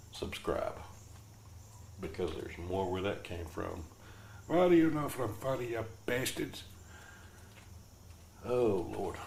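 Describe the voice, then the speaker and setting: A man with a fairly low voice delivers a loose, joking podcast monologue, wandering from one thought to the next. His voice bounces around a roomy space, with a faint hiss of noise underneath. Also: creaky, darkish tone. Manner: rambling, jokey, laid-back. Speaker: podcast host. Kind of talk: casual comedic monologue.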